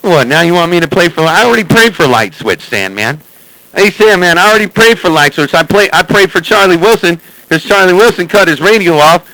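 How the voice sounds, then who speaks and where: A man streaming live on CB radio chats and jokes with other operators, teasingly repeating their handles with calls like "hey, Sandman." His voice sits high and is expressive, a little fast, bright and forceful, on a dry, rough recording.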